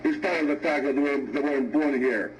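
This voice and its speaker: A man from Greece arguing in a video debate, speaking haltingly and refusing to swear. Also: mid-range voice, a little hiss or hum, poor audio. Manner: hesitant, halting, avoids swearing. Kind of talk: heated argument.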